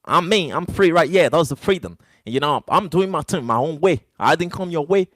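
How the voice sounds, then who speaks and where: Male streamer, non-native English speaker, defiant live rant to chat, pitched a bit high and very animated, dry close sound. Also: fairly quick, dry recording. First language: not English. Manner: defiant, repeats "brother" and "you know". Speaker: livestreamer.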